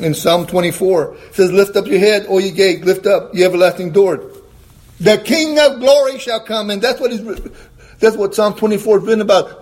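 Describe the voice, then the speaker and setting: In a forceful sermon, a man with a high voice and darkish tone quizzes his listeners and supplies the answers himself. When reading scripture, he drops to a slower, lower register. Throat-clearing regularly separates his points.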